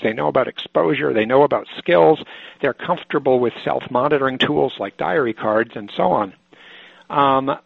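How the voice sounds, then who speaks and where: A man with a gravelly, husky voice lectures a group of clinicians in a thoughtful, explanatory way, often breaking off and restarting his sentences. The recording is dry and dull, with a lo-fi sound. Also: mid-range voice, no echo. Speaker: therapy trainer lecturing clinicians.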